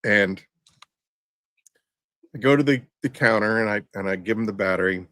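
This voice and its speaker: A man's voice: on the low side, moderate pace, a bit bright, no echo, clean studio sound. Rambling, stubborn man ranting on a podcast. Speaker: podcast host. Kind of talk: casual storytelling.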